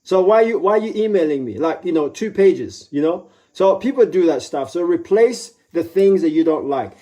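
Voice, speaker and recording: A man's voice: a little high, animated, moderate pace, warm tone. A man giving a live motivational talk in a conversational way, who often acts out his own inner voice and keeps checking in with his listeners. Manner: conversational, asks for agreement with repeated tags. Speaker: motivational speaker.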